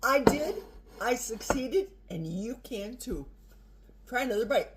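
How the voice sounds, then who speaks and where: Older woman, food vlogger, high-ish voice with lively swoops, unhurried delivery. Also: noisy background. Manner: animated, chatty, talks with mouth full. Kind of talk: casual cooking vlog with tasting.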